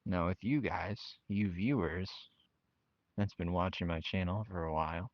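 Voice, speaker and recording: Slow gravelly young man venting. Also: sits low, dry recording. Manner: frank, venting, with mocking quoted voices. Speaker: channel host. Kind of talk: personal talk to camera. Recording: dull lo-fi mic.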